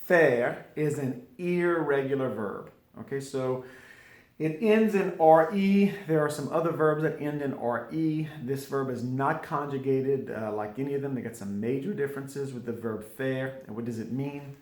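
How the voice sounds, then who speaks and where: A man giving an informal French grammar lesson, drilling conjugations slowly and repeating each form with small asides. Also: medium pitch, darkish tone. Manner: slow, repetitive drilling with asides. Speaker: French teacher. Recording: echoey room.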